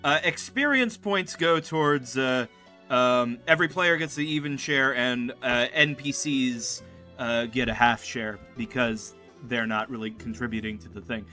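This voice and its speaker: Dm guy w a bright voice, lots of uhs n ums, music soft in the back. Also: medium pitch. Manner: halting, full of ums and uhs. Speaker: game master. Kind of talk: narrating a tabletop game.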